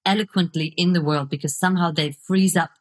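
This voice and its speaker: A woman's voice: on the low side, steady tone, brisk. A middle-aged woman, a video coach and author, speaking as a guest in a podcast interview in an earnest, reflective way. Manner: reflective, earnest, laughs easily.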